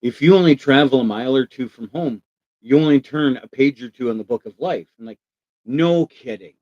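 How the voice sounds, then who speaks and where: Enthusiastic and casual, a man hosts a live stream, interviewing a guest, replying to viewers in chat, and doing voices for quotes. He speaks briskly in a mid-range, darkish voice, recorded dull with no room sound.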